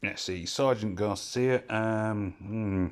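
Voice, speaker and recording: A man's voice: on the low side, takes it slowly. A man giving casual, rambling commentary as he plays a mobile puzzle game, often drifting off topic and correcting himself. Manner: rambling, digressive and self-correcting.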